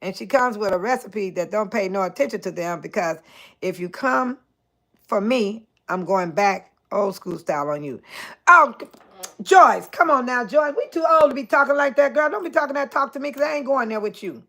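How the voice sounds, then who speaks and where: An older woman hosting a casual live chat, talking straight to her viewers by name, chatty and animated with frequent laughter. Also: on the high side, normal speed, gravelly. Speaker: host.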